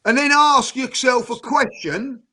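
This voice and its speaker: A man's voice: very high-pitched, a little slow, bright, forceful tone. A man ranting indignantly on a football fan panel, firing off rhetorical questions. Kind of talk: heated panel talk.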